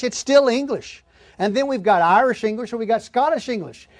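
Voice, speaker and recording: Folksy Texan preacher, high voice. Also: male voice, no echo. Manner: folksy and animated, slows on key words. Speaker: pastor. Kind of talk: sermon.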